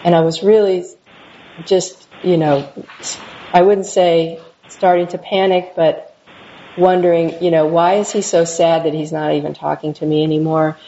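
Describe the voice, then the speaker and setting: Middle-aged woman, low mellow voice, halting reflective interviewee, dull lo-fi recording with faint hiss. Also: level tone. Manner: halting, reflective, many restarts. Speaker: interviewee, mother. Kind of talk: personal recollection interview.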